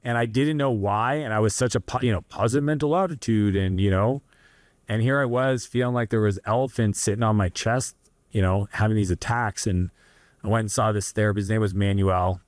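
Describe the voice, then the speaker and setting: A man's voice: fairly low pitch, a little fast, dry recording. Earnest Canadian man telling his story. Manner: earnest, rambling, restarts and asides. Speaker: guest entrepreneur. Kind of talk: candid interview storytelling.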